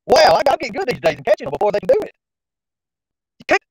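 A man's voice: very high voice, huge pitch swings, racing, long pauses, breathy edge, no room sound, low-quality recording. A man hosting a casual live stream, rambling and informal, often talking to himself as he works the screen. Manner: rambling, talks to himself while fiddling with the stream; informal, slangy. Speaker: livestream host.

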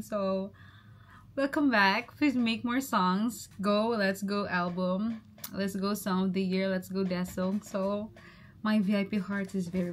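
A woman YouTuber chatting excitedly to her viewers as she reacts to a music video. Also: medium pitch, a little hiss or hum. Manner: gushing, exclamatory, talks straight to viewers. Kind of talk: excited reaction vlog chat.

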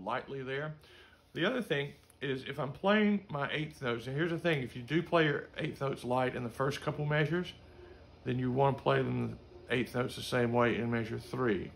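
A man's voice: mid-range voice, moderate pace, vocal fry. A middle-aged man teaching a music lesson in a casual way, singing note syllables to show how passages should sound. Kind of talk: instrument lesson.

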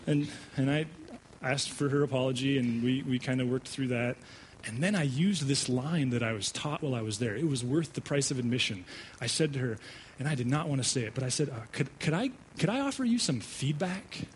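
A male pastor preaching a sermon, telling a personal story with animated delivery and frequent stammered restarts. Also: medium pitch, brisk, a little hiss or hum, rough recording. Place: church sanctuary.

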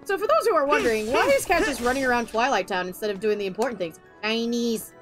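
A woman's voice: a little high, very animated, rapid-fire. A woman livestreaming a video game, joking around with friends in a playful, exclamatory way. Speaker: streamer. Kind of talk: casual gameplay livestream chat. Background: game music.

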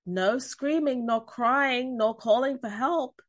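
A woman reading a picture book aloud to children, gentle and expressive. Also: fairly high pitch, takes it slowly. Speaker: storyteller.

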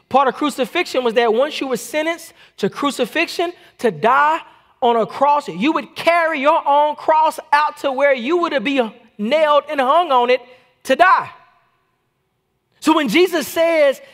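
A man preaching a sermon as a pastor, in an animated, conversational style with frequent repetitions, streamed online from his church. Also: extremely high pitch.

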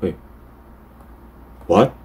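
A man's voice: very slow, darkish tone. A young man hosting a casual gaming session, laughing often and yelping in panic. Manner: giggly, yelps and screams in panic. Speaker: gaming channel host.

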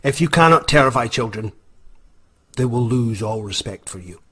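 Scottish guy telling a funny story, kinda husky, wry. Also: mid-range voice, lively intonation, moderate pace, pushed and bright. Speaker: vlogger, author. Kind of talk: comic storytelling.

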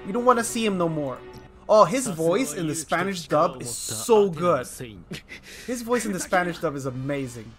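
Animated man streaming a game. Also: sits high, normal speed. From Colombia. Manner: excitable, chatty, self-mocking, talks to chat. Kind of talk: casual live-stream gameplay commentary. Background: faint game music.

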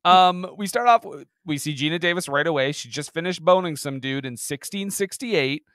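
A man's voice: on the high side, moderate pace, fairly bright tone, no echo, clean studio sound. A man hosting a comedy podcast, recapping a movie in a rambling, jokey way. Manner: rambling, frequent laughs and restarts. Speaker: podcast host.

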